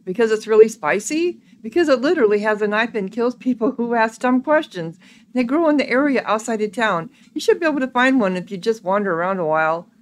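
Woman doing a let's play, reads the game text out, casual, fairly high voice that jumps around a lot. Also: expressive, a little fast. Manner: casual, thinking aloud with hums and ums. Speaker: gaming video creator.

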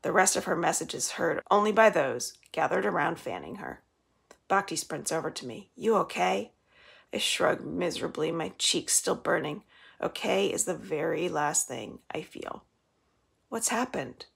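Woman librarian reading aloud, storybook delivery; low, husky voice. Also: moderate pace, a bit bright.

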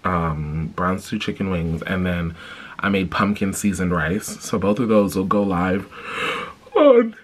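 A man's voice: low voice, measured pace. A tired man with allergies, chatting casually to camera in a vlog. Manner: chatty, animated, expressive. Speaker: vlogger. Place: home, then out and about.

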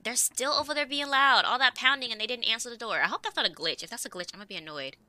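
A woman's voice: a little high, fast, sharp tone, no room sound. A woman giving casual gameplay commentary, chatty and easily exasperated, talking back to the characters on screen. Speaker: let's play gamer.

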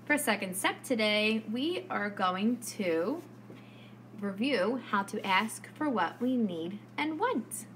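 Slow, lively-voiced woman preschool teacher. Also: medium pitch, slight background noise. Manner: slow, clear and sing-song, speaking to small children. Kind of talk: lesson for young children.

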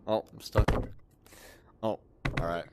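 A woman gamer in a headset giving excitable VR gameplay commentary, often shrieking when chased. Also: extremely low pitch, slow pace. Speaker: gaming channel host. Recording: loud game noise behind voice.

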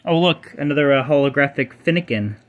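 A man's voice: mid-range voice, expressive, fairly quick. A young man casually showing off his card collection, rambling, swearing freely and stumbling over names. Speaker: channel host.

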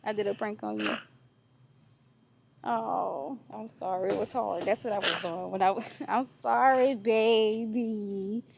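A woman's voice: mid-range voice, expressive, normal speed, vocal fry, long pauses, background noise. A woman in a store, talking to a child in short, repeated bits and calling her baby. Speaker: vlogger pranking her goddaughter. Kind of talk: casual vlog talk to a child. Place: inside a store.

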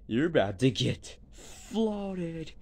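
An amateur performer voices every character in a homemade fan drama. The delivery is very slow and drawn out, with a lively pitch that swings widely. Excitable outbursts sit beside hesitant fillers, at a middle pitch.

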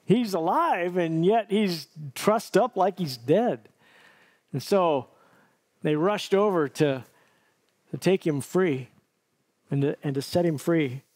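A middle-aged male pastor tells a story in a sermon, earnest and vivid. His voice sits a little high for a man, and he often circles back to restart a phrase as he builds the picture. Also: slow pace, pauses often, darkish tone.

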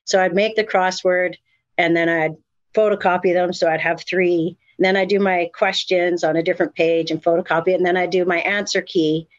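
A middle-aged woman telling her story as an interview guest, candid and animated, with many fillers and restarts. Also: lowish voice, fairly quick, no echo, lo-fi sound. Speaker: guest, mother of incarcerated sons. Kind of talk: emotional personal storytelling.

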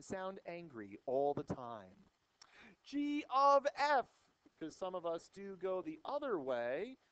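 Speaking into an old microphone, a young man who teaches math delivers a playful, theatrical lecture full of wisecracks to his students. His voice is high, and the recording is dry.

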